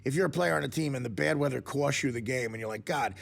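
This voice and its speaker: A man's voice: mid-range voice, quick pace, gravelly, a bit bright. A man hosting a radio talk show, joking and wisecracking with his guests.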